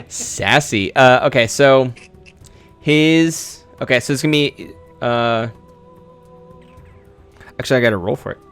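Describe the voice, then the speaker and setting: A man's voice: medium pitch, lively intonation, takes it slowly, pauses often, fairly bright tone, smooth, faint music behind. A man running a tabletop game as game master, narrating in a casual, loose way.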